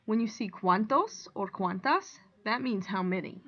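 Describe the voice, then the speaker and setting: Her voice is an everyday middle pitch as this Spanish teacher calmly walks through a language lesson. She reads out example sentences and explains each clearly and deliberately, and the recording is a touch dull and lo-fi.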